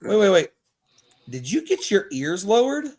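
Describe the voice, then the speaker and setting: A man from Mobile, Alabama with a Southern accent, hosting a casual sports podcast and telling stories in an animated way, laughing often. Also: sits high. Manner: animated, laughing, quick asides. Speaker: podcast host. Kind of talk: casual chat, storytelling.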